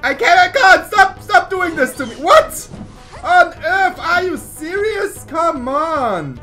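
Woman, gameplay commentary, high bright voice, excitable, exasperated, faint music behind. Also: slow pace. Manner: excitable, exasperated, laughing often. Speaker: gaming YouTuber.

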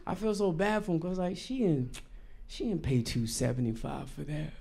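A man performing a stand-up comedy set on a live stage, talking in a loose, slangy way and acting out characters in quick quotes. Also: a little high, vocal fry, mellow, breathy edge. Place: live venue stage with audience.

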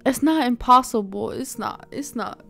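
A woman hosting a reaction video in casual, excitable talk, gasping, repeating herself and slipping into slang. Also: on the high side, normal speed, creaky, soft background music. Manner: slangy, says "bro" and "y'all".

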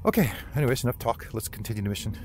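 A man's voice: medium pitch, animated, racing, heavy background noise. A man giving casual, rambling commentary while playing a game, often apologizing to his viewers, with hiccups. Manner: chatty, rambling, apologetic asides. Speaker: gamer streamer. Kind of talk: casual let's-play commentary.

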